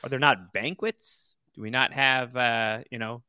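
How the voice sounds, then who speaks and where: A man's voice: medium pitch, a little slow, clean tone, no room sound. Male podcast host, joking recap chat, close dry sound. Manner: animated, jokey, acts out quotes.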